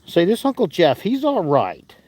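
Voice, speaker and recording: Brief: contented longhorn steer, voiced by a man, folksy chatter, fairly high, close and dry. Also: huge pitch swings, normal speed, darkish tone, husky, no echo, heavily acted.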